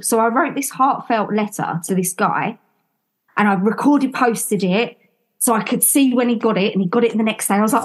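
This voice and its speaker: A woman's voice: on the high side, fairly quick. A woman from London, a podcast guest, telling her story casually and acting out the dialogue. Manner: animated, acts out quoted dialogue.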